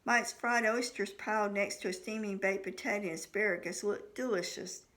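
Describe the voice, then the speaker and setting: A woman's voice: mid-range voice, normal speed, fairly bright tone. A woman reading her own novel aloud in the first person, voicing the dialogue of each character. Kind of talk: audiobook narration.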